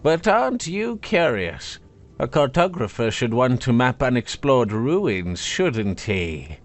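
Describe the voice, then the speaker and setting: A man's voice: medium pitch, big pitch swings, slow pace. A man narrating a fantasy story, voicing a cursed talking sword with a nasal, wheedling, sarcastic voice. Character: sneering cursed talking sword, spiteful and petty.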